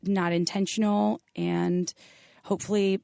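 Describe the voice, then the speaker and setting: A woman co-hosting a podcast, chatting casually and telling animated stories. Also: medium pitch, a little slow, creaky, no room sound, studio quality. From Wisconsin. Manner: chatty, animated storyteller who jokes about doing accents. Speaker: podcast co-host. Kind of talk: casual chat.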